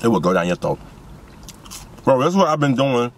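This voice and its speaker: A young man rambles excitedly to his viewers about his new seasoning business from a parked car. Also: medium pitch, normal speed, slight background noise. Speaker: vlogger and seasoning business owner. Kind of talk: casual car vlog while eating.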